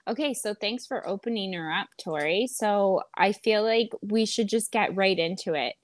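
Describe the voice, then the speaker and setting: A woman's voice: medium pitch, moderate pace, no echo. Joking young woman co-hosting a podcast. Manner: joking, sarcastic, swears freely. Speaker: podcast co-host. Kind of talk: casual banter.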